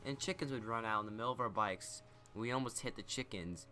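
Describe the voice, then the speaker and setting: Teen male vlogger, low-pitched, bright forceful tone, casual rambling storytelling. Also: fast, a little hiss or hum. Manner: rambling, lots of "like" and "you know". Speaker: YouTuber.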